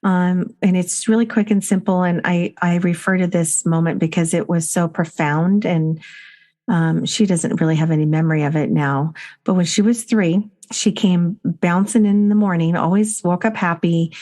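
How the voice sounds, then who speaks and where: A middle-aged woman co-hosting a spiritual chat show, telling stories in a gushing, warm-hearted way. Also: on the low side, fairly even intonation, normal speed. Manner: gushing, storytelling. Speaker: podcast co-host.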